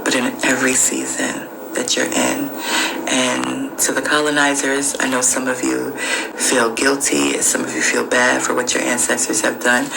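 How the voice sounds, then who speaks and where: A woman's voice: a bass voice, creaky. A woman podcast host giving an emphatic, repetitive motivational spiritual monologue. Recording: noisy screen recording.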